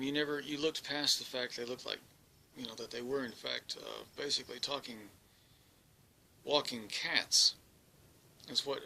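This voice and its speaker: A man telling a first-person story, halting often, restarting sentences and searching for words. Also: medium pitch, gravelly, sharp tone, slight background noise, low-quality recording. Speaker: experiencer recounting an encounter.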